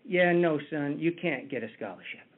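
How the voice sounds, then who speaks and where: A man's voice: on the high side, animated, normal speed, slightly rough. A man voicing a big, confident recruiter who talks bluntly and matter-of-factly. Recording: tinny phone-like line.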